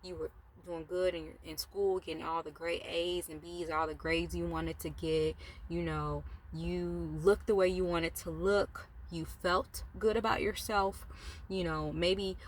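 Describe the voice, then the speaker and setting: Motivational vlogger, woman, lowish voice, casual and rambling, recorded in a parked car. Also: fairly even intonation, a little slow. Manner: chatty, rambling, with laughs and asides.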